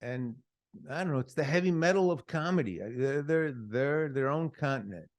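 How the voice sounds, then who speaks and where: A man's voice: mid-range voice, expressive, moderate pace, dry recording. A man hosting a podcast in casual chat, praising things in a rambling, enthusiastic way. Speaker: podcast host.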